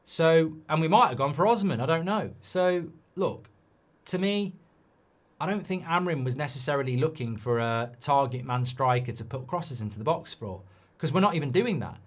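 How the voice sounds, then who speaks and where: Host, middle-aged, lively watchalong commentator prone to sweary rants. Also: male voice, fairly high pitch, normal speed. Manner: swears and rants at bad defending. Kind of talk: live football watchalong commentary.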